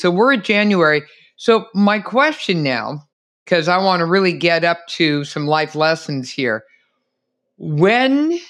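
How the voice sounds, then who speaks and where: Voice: mid-range voice, a bit bright. An interview host who guides the conversation, recapping the story and asking follow-up questions. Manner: guiding, sums up and asks follow-up questions.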